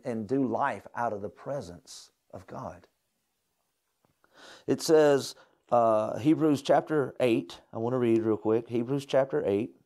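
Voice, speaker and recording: A young man giving a fervent sermon-style lecture at a ministry school, exhorting his listeners and dropping into soft prayer. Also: mid-range voice.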